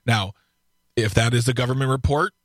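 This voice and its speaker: A male radio co-host with a middle-pitched voice, speaking wryly and haltingly with frequent repetitions. The recording is dry and close. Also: no echo. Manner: wry, halting, repeats words. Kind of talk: casual political talk radio.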